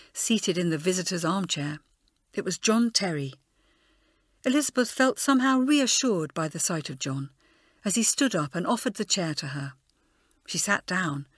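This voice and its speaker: Woman reading a kids audiobook, expressive, bouncy intonation, mid voice. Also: mid-range voice, no room sound, clean studio sound. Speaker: audiobook narrator. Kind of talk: scripted narration.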